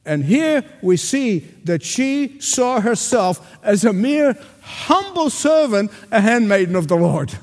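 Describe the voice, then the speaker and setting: Male pastor, high voice, preaches with emphatic repetition, long hall reverb behind him. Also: very animated, slow, hardly any pauses. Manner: addresses the congregation directly. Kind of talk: sermon. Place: church sanctuary before a congregation.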